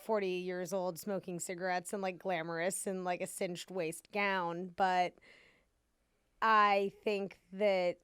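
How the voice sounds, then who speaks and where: A woman's voice: on the low side, little pitch movement, slow pace, a bit bright, clear, resonant tone, no room sound. A woman hosting a podcast in casual chat, sincere and chatty, with many "like" fillers. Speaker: podcast host.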